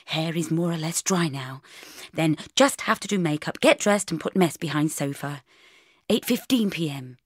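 A woman narrates a first-person comic novel with a wry, lively delivery. Her voice sits low but moves through a wide range of pitch. The recording is dry and close to the mic. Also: moderate pace, husky, no room sound. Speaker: audiobook reader.

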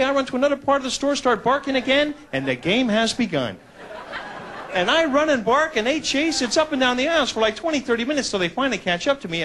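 A man's voice: very high-pitched, a bit bright, slight background noise. A man doing a stand-up comedy routine on a club stage, self-mocking and acting out little characters, with the audience laughing.

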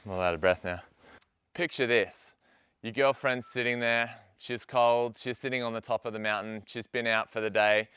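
A young man hosting a casual outdoor gear review, talking in a relaxed way with plenty of ums and you-knows. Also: on the low side, smooth, no echo, studio quality. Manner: relaxed, conversational with frequent fillers.

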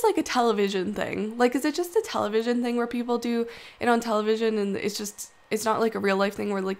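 A video creator in her twenties, with a mid-range voice, vocal fry and a groggy morning sound, does a casual chat voice-over for a video. She rambles in a self-deprecating way, with plenty of fillers.

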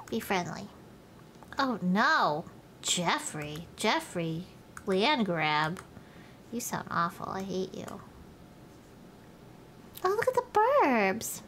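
A woman's voice: mid-range voice, lively intonation, slow, pauses often, a bit bright, slight background noise. A woman live-streaming a life-sim game, chatting to viewers and scolding the game characters, with playful swearing. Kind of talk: live gameplay commentary.

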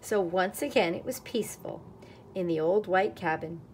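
A woman reading a children's picture book aloud in an expressive storytelling voice with dramatic pauses. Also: lowish voice, a little hiss or hum.

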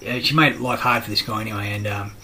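A man's voice: fairly low pitch, steady tone, fast, bright, forceful tone, slight background noise, low-quality recording. A middle-aged Australian man in a rambling, profane monologue, blunt and aggrieved, swearing constantly.

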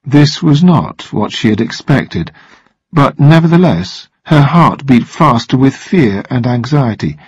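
A man narrating a story aloud for English listening practice, with a measured, expressive delivery. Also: mid-range voice, breathy edge, no room sound, muffled recording.

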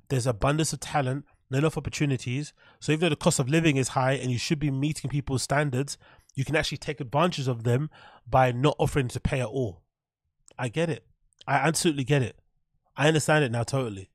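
A man riffs over a podcast clip in casual stream commentary, sarcastic and quick to laugh. His voice sits mid-pitch and sounds close and dry, with no room around it. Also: no room sound. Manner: sarcastic, mocking, laughing often.

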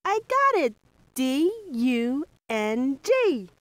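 Brief: a high, lively cartoon-game puzzle lover, slow and dry-miked. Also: female voice, no echo, heavily acted. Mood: puzzled, pleased.

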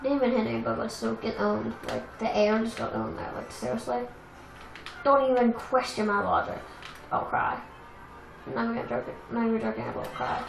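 A young woman casually commenting on a racing game she plays, chatty and self-deprecating, with excitable outbursts. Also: a little high, brisk, gravelly. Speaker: let's play gamer. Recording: echoey room with game music.

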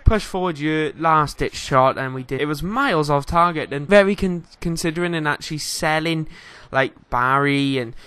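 A man's voice: a little high, moderate pace, hardly any pauses, sharp tone, clean tone, no room sound. A young man with a Welsh accent, giving a casual, rambling game commentary voice-over full of fillers. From Wales. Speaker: gaming YouTuber.

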